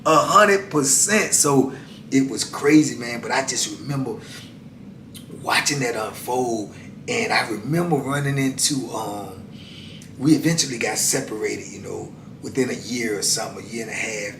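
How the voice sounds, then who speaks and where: A man in his fifties spinning a long story in a loose, animated way, peppering it with "man" and "you know." His voice sits at an everyday pitch and sounds a little distant from the mic. It bounces around an echoey room over a faint background hiss. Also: moderate pace. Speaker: channel host telling prison stories. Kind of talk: casual storytelling.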